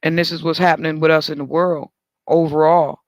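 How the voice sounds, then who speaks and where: A man with a high, light voice spins a casual story as host of a talk show. He talks with animated swings, jumping higher when he jokes about himself. The sound is close and dry, with no room around it. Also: a little fast, dry recording.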